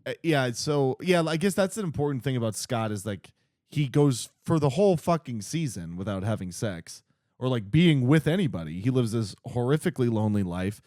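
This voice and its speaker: A man's voice: medium pitch, expressive, brisk, darkish tone, no room sound, studio quality. A man co-hosting a casual book-review podcast, candid and sarcastic, swearing freely. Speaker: podcast co-host.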